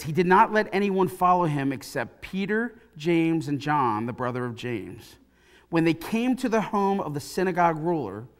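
In a church, a pastor whose voice sits a little higher than most men's preaches a sermon into a pulpit microphone. He tells the scripture story with feeling, animatedly acting out the voices of its characters.

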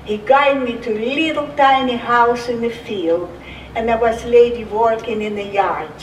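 A woman's voice: on the high side, normal speed, distant mic, slight background noise. A woman in her eighties from Russia with a Russian accent, telling her life story in simple, broken English. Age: 80s. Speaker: survivor giving oral history. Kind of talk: personal testimony. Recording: echoey room, off-mic.

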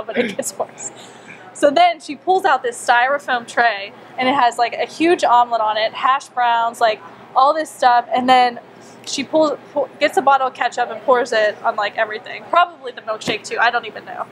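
A young woman telling a personal story to a small group, animated and chatty, acting out her own thoughts and saying "like" a lot. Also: on the high side, fairly quick, noisy background. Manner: animated, acts out her own inner voice, frequent "like". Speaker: wellness speaker. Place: small meeting room with a group.

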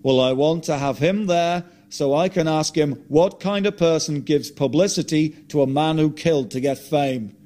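A man voicing a resurrected rock star, dry and wry, in a lower voice than his own. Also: moderate pace, few pauses, darkish tone, natural voice. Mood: insistent.

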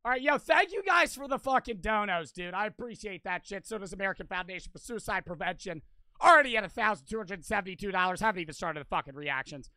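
Young male streamer, casual, profane, reading donations fast; high, bright, dry. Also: expressive, no room sound. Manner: swears constantly, rattles off donor thanks. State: out of breath. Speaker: livestreamer. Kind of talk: casual charity livestream chat.

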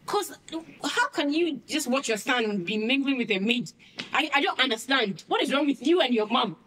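An actress playing an anxious young best friend who keeps pressing with dramatic questions. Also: female voice, sits high, expressive, moderate pace, a bit bright, slight background noise. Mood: insistent.

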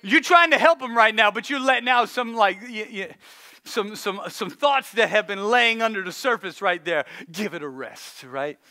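A man in his thirties preaching a playful, jokey sermon as a pastor, drawing the congregation into call-and-response and acting out shouting at his young kids. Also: high voice, normal speed.

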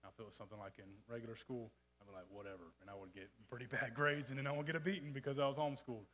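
A man's voice: medium pitch, steady tone, rapid-fire, fairly bright tone, low-quality recording. A man preaching a casual, folksy sermon in a church, with frequent restarts and asides. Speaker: church speaker. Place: church sanctuary.

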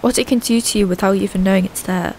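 A woman voicing an eerie, unimpressed woman in a haunted game, giving flat, ominous replies. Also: mid-range voice, racing, a little hiss or hum, lightly acted. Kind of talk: game character dialogue.

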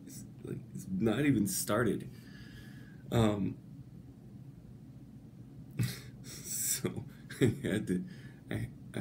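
A man telling a rambling comic anecdote, swearing freely and breaking into laughter between halting phrases. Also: deep voice, creaky, noisy background. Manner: laughs through his words, swears a lot; halting, many restarts. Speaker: storyteller.

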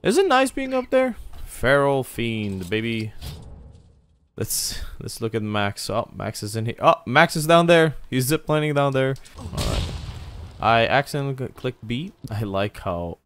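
A young man giving loud, joking, profane commentary while playing a video game. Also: mid-range voice, lively intonation, measured pace, slight background noise. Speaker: gaming video creator. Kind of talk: let's-play commentary.

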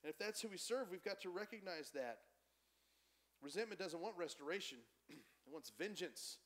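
Animated male pastor preaching. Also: sits high, normal speed. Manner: animated, conversational preaching, acts out quoted voices. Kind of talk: sermon. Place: church.

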